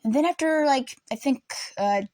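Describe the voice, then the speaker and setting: A young woman telling a personal story in a casual storytime vlog, acting out the people in it with lively voices. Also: high-pitched, normal speed, dry recording. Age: young adult. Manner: animated, acts out classmates and teachers. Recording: dry close room, faint lamp buzz.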